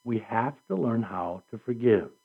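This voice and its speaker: A man preaching a sermon with an animated delivery, reading scripture aloud and acting out quotes. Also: mid-range voice, unhurried, creaky, husky. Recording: dull lo-fi recording.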